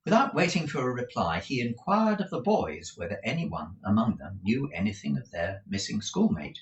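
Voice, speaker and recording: A man reading a classic novel aloud as an audiobook narrator, slow and expressive. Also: medium pitch, echoey room, lo-fi sound. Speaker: audiobook reader. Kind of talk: scripted narration.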